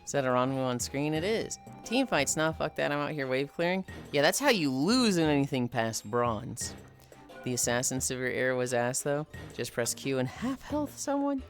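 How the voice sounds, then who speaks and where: A streamer talking in casual live-stream chat, with a voice that leaps up and down all over its range. The delivery is animated and profane, with frequent jumps into high mocking voices to imitate others. Faint music plays behind. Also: normal speed. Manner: animated, jumps into high put-on voices when quoting people; profane, joking. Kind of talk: casual chat while playing and walking.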